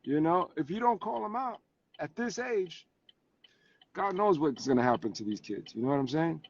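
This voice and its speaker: A man on a video call from his parked car, his voice sitting a little high for a man. He tells stories with animation and acts out the people in them. The call audio is muffled and lo-fi. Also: normal speed, vocal fry, slightly rough. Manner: animated storyteller, acts out family scenes. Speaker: guest actor and advocate. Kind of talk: casual interview over video call.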